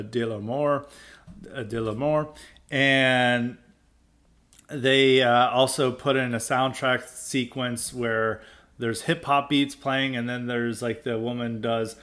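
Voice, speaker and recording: A man's voice: medium pitch, a bit bright. A man hosting a podcast, giving a blunt, opinionated monologue that rambles with many restarts and filler words. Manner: dismissive and blunt. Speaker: podcast host.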